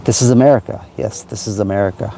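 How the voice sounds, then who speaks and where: A man's voice: fairly low pitch, fast talker, vocal fry, warm tone, slight background noise. Man rambling on a livestream. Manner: rambling, self-help musings. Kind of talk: casual livestream monologue. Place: outdoors at night by a parked car. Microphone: phone.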